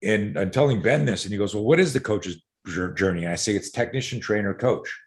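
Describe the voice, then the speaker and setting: Middle-aged guy, low voice, rambling fun story with lots of ums and cussing. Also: fairly quick. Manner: animated storyteller, casual swearing, frequent fillers. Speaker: self-defense coach, guest. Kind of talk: casual podcast storytelling.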